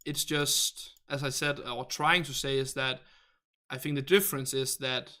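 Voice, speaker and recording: A man's voice: mid-range voice, fairly even intonation, unhurried, bright, forceful tone. A young man with a Danish accent, hosting a game livestream and chatting casually with viewers in English, his second language, often restarting and asking how to say words. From Denmark. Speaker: livestream host. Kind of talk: casual chat reading viewer comments.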